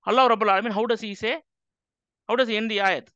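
A man's voice: high-pitched, steady tone, fast talker, pushed and bright, no echo. A man teaching a Quran class to an audience, emphatic and full of rhetorical questions. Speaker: Islamic teacher. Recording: slightly dull lo-fi recording.

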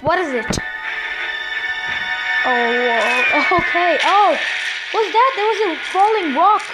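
A woman hosting a let's play, excitable and jokey, exclaiming at every surprise. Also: very high-pitched, slow pace. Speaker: gaming channel host. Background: game music.

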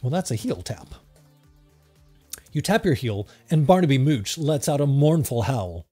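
Lively man reading a text adventure. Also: medium pitch, unhurried, husky, soft background music. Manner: lively, reads with playful emphasis, laughs along. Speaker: let's-play host.

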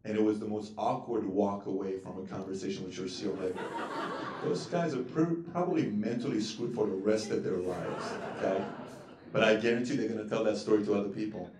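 A man's voice: fairly low pitch, a little fast, noisy background. A man in his thirties, hosting a casual, joking talk to a small group about self-control. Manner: animated, joking, puts on voices. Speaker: entrepreneur host. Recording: echoey room, mic far off.

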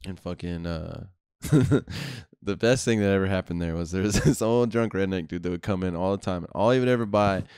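A man's voice: low-pitched, fairly quick, darkish tone, clear, resonant tone, dry recording, studio quality. A young man, hosting a podcast and telling profane, laid-back stories in casual chat. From Houston, Texas. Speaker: podcast host.

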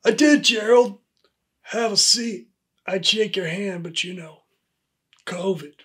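Playing a worn-out human resources supervisor, a man chews out an employee in a comedy sketch, dry and pointed, using the worker's name again and again. The full character voice is high, slow, bright and forceful, and the mood is exasperated.

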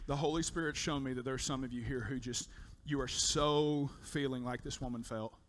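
A man preaching a sermon in church, telling a story in an animated way and repeating words as he builds up. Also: medium pitch, fairly quick, slight background noise. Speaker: pastor. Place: church sanctuary.

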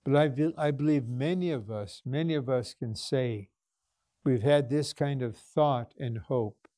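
A man preaching a sermon in a slow, deliberate cadence. His voice is dark and mellow, recorded dry and close. He speaks earnestly, stopping to ask his listeners questions. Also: mid-range voice, no echo. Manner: slow, earnest, with frequent restarts and rhetorical questions. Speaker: minister.

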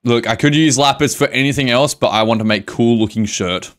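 A man's voice: mid-range voice, fairly quick. A young man live streaming a video game, talking to his chat with melodramatic mock grief, swearing and laughing. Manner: reads chat aloud and answers it.

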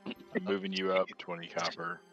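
A man's voice: sits low, sing-song, moderate pace, vocal fry, a bit bright, lo-fi sound, soft background music. A man playing in a tabletop game, joking in an exasperated way. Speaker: player. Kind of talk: casual chat at a tabletop game.

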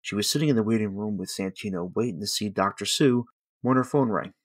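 A man giving solemn, steady scripted narration for a documentary. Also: on the low side, fast, no echo, clean studio sound.

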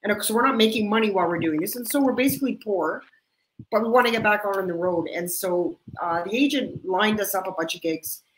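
A woman's voice: mid-range voice, fast talker, a little hiss or hum, low-quality recording. A woman hosting a casual chat, telling stories and laughing often. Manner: laughs often, upbeat storyteller. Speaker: podcast host.

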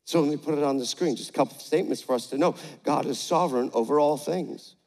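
A man's voice: fairly high pitch, fast. Older male pastor in an echoey hall. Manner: energetic, rallies the crowd with call-outs; gentle and playful when talking to a child. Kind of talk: sermon with a live demonstration. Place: large church auditorium, on stage. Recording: echoey large church hall.

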